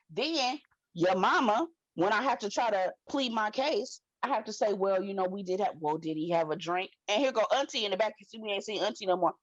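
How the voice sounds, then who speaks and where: A woman guest in a casual recap chat, blunt and animated, with slangy storytelling. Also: mid-range voice, dry recording, highs cut off.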